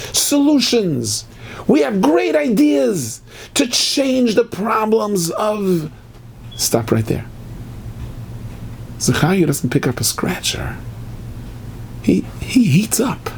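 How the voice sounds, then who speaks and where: Gravelly older man preaching with passion. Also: mellow, a little hiss or hum. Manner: impassioned, with sudden rises in pitch. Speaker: speaker at a prayer gathering. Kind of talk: sermon and psalm recitation.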